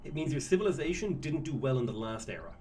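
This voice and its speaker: A man casually coaching a friend through a strategy game, giving relaxed tips with the odd curse. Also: fairly high pitch, fast, slight background noise. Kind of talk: casual gameplay chat.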